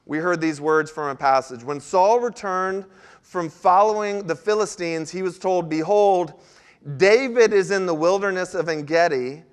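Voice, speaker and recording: A man pastor giving a sermon, telling a story with animated asides before laying out his points. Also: high voice, normal speed, clear, resonant tone.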